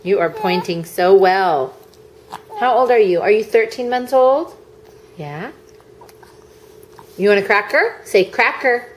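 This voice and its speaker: A woman's voice: medium pitch, lively intonation, slow, long pauses, slight background noise. A mother using baby talk with her toddler, coaxing and repeating questions in a singsong way.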